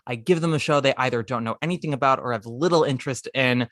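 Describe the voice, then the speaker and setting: Bright, theatrical man hosting. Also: medium pitch, fast talker, no room sound, clean studio sound. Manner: theatrical, opinionated, playful. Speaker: podcast host. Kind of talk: casual podcast chat.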